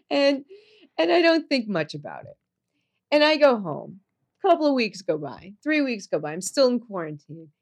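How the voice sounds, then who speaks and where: Animated woman telling a personal story. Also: moderate pace. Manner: animated, jumps high when quoting people; earnest, drops soft and low on serious moments.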